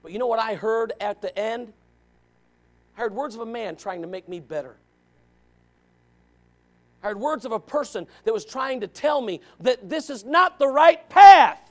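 A man in his forties preaching a sermon in church, animated and questioning, swinging from loud to quiet. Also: high voice, normal speed, pauses often. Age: 40s.

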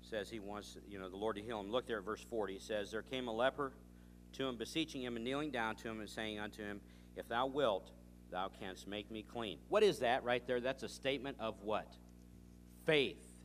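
A man preaching, telling a story with animated dialogue and reading scripture. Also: fairly low pitch, moderate pace, slight background noise. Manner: animated storytelling, acting out both sides of a dialogue. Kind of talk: sermon with anecdotes.

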